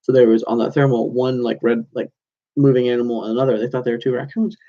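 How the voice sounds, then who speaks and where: A man's voice: medium pitch, steady tone, fast, highs cut off. A young man in his twenties hosting a casual solo podcast, rambling through stories with lots of "like"s and self-corrections. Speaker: podcast host.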